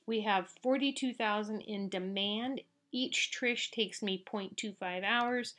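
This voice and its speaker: A woman instructor walking through an accounting problem in a conversational lecture, often checking in with "all right?". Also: mid-range voice.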